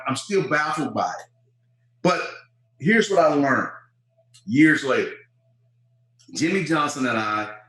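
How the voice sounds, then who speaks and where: A man in his fifties, a former football player, telling stories in an interview and acting out quoted voices. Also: on the high side. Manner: animated storyteller, acts out quoted voices. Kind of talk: storytelling interview. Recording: roomy echo.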